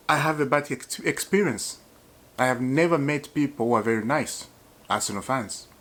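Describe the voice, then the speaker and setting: A man talks to his channel viewers about his club in a loose, chatty way. He laughs often and repeats himself as he goes. His voice sits at an ordinary middle pitch. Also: fairly bright tone. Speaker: football fan channel host. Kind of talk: casual vlog commentary.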